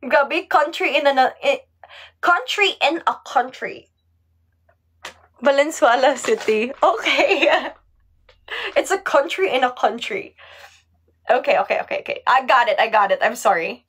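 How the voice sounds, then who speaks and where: Woman, Filipino accent, high voice, giggly, chatty live-stream talk. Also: animated, normal speed, a bit bright. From Philippines. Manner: chatty, giggly, mixing Tagalog and English. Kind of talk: casual live-stream chat reading comments.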